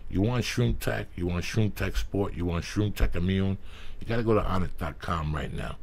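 A man hosting his podcast, reading sponsor ads in a loud, emphatic, profane, rambling way. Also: deep voice, normal speed, creaky, slightly rough. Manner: loud, emphatic, swears freely. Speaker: podcast host.

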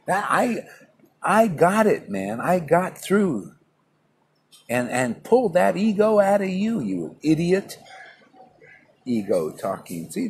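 Brash, scolding male spiritual teacher, slang-heavy, gravelly and animated; faint background hiss. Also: fairly high pitch. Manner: brash, scolding, colloquial, keeps saying "man". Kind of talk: informal morning class talk. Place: public place.

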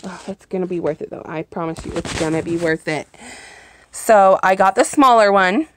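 A woman's voice: on the low side, normal speed, a little hiss or hum. A woman chatting casually through a home unboxing on her phone, gushing and apologetic, often stretching out her words. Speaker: vlogger reviewing products. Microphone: phone held in hand, then set down.

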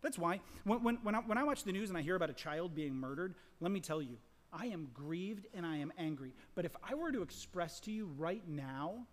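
Impassioned pastor, man, echoing sanctuary. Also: on the high side. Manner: impassioned, swings from loud emphasis to hushed whispers; repeats phrases for emphasis. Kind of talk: sermon. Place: large church sanctuary. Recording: long church reverb.

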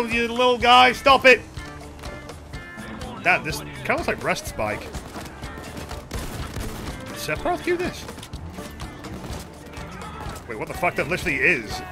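A man streaming a game, chatting casually with viewers, excitable and swearing freely. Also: sits high, measured pace, gravelly, pauses often. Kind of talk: casual gameplay commentary. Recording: game music playing behind.

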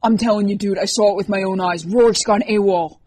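A woman voicing a loud, crude teenage boy who talks fast and gets excited easily. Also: mid-range voice, no room sound, close to an everyday voice. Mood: frantic.

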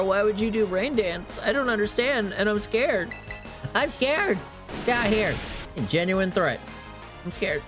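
A man giving casual let's play commentary with a lively, swooping delivery, joking, swearing and bantering with the characters on screen. His voice sounds worn, as if he is losing it, and faint game music runs underneath. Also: mid-range voice. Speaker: gaming YouTuber.

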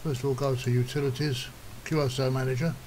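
A man calmly walking through a software task step by step, in a plain, instructive way, now and then clearing his throat. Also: medium pitch, fast, slight background noise, poor audio. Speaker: software tutorial presenter. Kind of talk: step-by-step screen tutorial.

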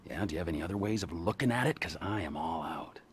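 A man's voice: deep voice, animated, fast talker, husky. An actor playing a volatile, menacing male criminal in a video game cutscene, talking in a mocking, sarcastic way. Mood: sneering. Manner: mocking, sarcastic, lurches between sneer and fake cheer.

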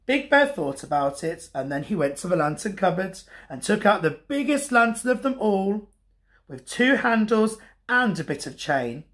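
A man and teacher reading a bedtime story to children in a gentle, expressive way. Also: high-pitched, moderate pace.

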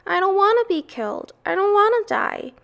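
A woman's voice: big pitch swings, full character voice. Woman doing a panicky young pig. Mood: panicked. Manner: high, loud, drawn-out cries. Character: frightened young male pig, wailing and pleading. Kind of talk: storybook read-aloud.

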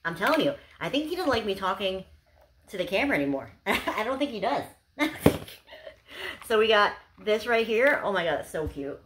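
A young unboxing vlogger chats casually to camera while opening gifts, gushing and bubbly with lots of "like"s. Her medium-pitched voice swings widely at normal speed, with background noise behind it.

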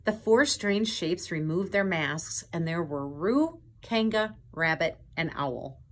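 Storytime host, female; slow, lively read-aloud with chatty asides to kids. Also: lowish voice. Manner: slow, animated, chatty asides to young viewers. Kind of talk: reading a picture book aloud to children.

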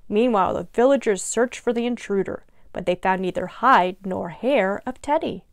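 A woman librarian reading a picture book aloud to young children in an expressive, animated way. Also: mid-range voice, normal speed, dry recording, studio quality. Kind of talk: children's storytime read-aloud.

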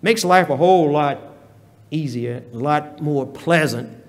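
A man preaching a sermon in a church, leading a prayer and telling stories in a slow, deliberate manner. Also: on the high side. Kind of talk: sermon with hymn singing and prayer. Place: church sanctuary. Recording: reverberant church hall.

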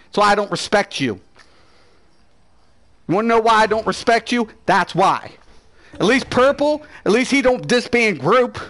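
A man's voice: high voice, animated, moderate pace, pauses often, fairly bright tone. A man hosting a gaming channel, ranting profanely and trash-talking during live gameplay commentary.

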